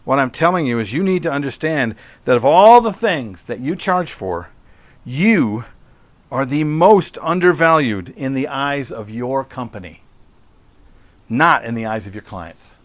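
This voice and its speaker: A man's voice: medium pitch, animated, unhurried, no echo. A middle-aged man hosting a solo podcast, talking conversationally and telling a story with rhetorical questions. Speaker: podcast host.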